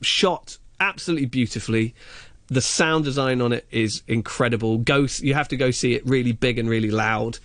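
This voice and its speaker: A man's voice: medium pitch, brisk, fairly bright tone, no room sound. A man chatting on radio as a film reviewer, enthusiastic and rambling, with many fillers and restarts. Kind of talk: casual radio chat.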